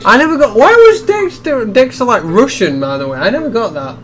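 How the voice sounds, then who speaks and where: Co-commentator, man, high lively voice, teasing and goofy, soft music underneath. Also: a little fast. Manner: teasing, goofy, pushes bits. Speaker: let's play co-commentator. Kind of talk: joking group commentary.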